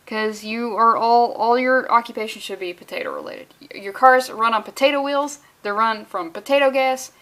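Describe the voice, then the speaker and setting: A woman vlogging a casual comic book read-along, with sarcastic, profane and animated rants. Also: fairly high pitch, moderate pace.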